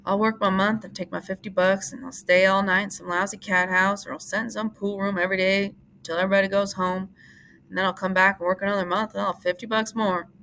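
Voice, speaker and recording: A woman voicing a weary, guarded ranch worker who speaks in low, clipped lines. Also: level tone, fast talker, fairly bright tone, close to an everyday voice.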